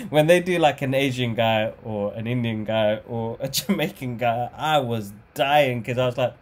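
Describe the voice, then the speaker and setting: A man's voice: medium pitch, a little slow. Laid-back man saying "bro". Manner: relaxed, rambling, says "bro" a lot, self-correcting. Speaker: podcast co-host. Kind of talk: casual chat.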